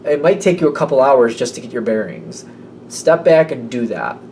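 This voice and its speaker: A man's voice: medium pitch, animated, moderate pace, darkish tone. A man giving a casual, rambling tarot reading, now and then acting out little voices. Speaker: tarot reader. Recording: slightly distant mic, faint room noise.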